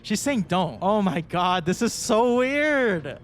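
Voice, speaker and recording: A man's voice: high voice, sing-song, takes it slowly, a little hiss or hum. A young man recapping a game's story in a sarcastic, exasperated commentary, swearing freely. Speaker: video essayist.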